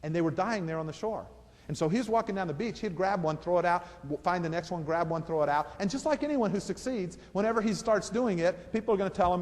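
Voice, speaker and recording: High-voiced male motivational speaker. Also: fast, long reverb tail. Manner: animated, repeats phrases for emphasis. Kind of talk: motivational storytelling talk.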